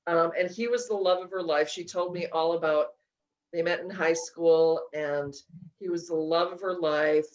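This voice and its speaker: A woman's voice: lowish voice, steady tone, moderate pace. Chatty woman author on a video call. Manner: emotional, laughs often, many restarts. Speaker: author guest. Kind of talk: casual interview chat. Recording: slightly dull lo-fi audio.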